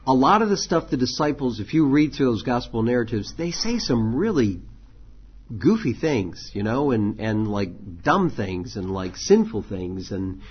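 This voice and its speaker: A man's voice: mid-range voice, sing-song, measured pace, breathy edge, dull audio. A man who is a pastor, teaching a church leadership class in a conversational way, with frequent ums and restarts.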